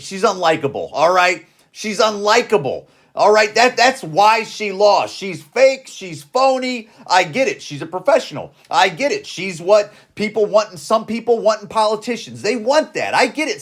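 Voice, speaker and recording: A man in his forties with a notably high voice rants on his podcast in loose, slangy talk. He is blunt and keeps circling back to the same phrases to hammer them home. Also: a bit bright. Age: 40s. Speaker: podcast host. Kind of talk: casual opinion rant.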